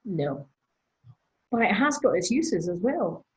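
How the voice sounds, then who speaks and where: A woman's voice: mid-range voice, very animated, slow, rough recording. A woman with a Scottish accent, a church minister chatting casually as a podcast guest, with lots of fillers. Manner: chatty, frequent fillers and laughs.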